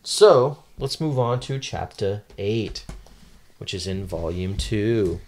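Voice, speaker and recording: Low-voiced guy on a podcast, chatty manga recap, lots of ums, reads the quotes out. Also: slow, a little mellow, slight background noise. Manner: reads quotes aloud in a lightly acted voice, many ums and uhs. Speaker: podcast co-host. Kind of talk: casual chat recapping a manga.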